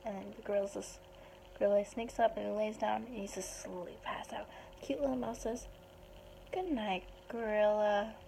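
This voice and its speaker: A woman retelling a picture book story aloud in a chatty, animated way. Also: mid-range voice, gravelly, slight background noise, poor audio. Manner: chatty, animated, puts on small voices for the animals.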